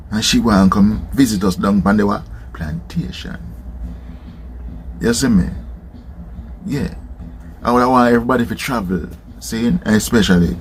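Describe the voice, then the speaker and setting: A man's voice: lowish voice, slight background noise. A man from Jamaica with a Jamaican patois accent, telling a story casually and checking in with the listener often. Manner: animated, keeps checking in with "seen?".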